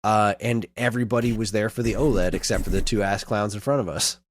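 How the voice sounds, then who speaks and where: A man in his thirties co-hosting a podcast, telling a long story in casual chat and getting animated as he retells it. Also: on the low side, fast, a little hiss or hum. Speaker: podcast co-host.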